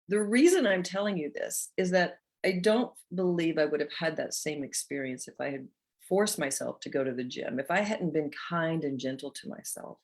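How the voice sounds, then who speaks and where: A middle-aged woman hosting a motivational talk, telling a personal story in an earnest, heartfelt way. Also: deep voice. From North Georgia, USA. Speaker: host.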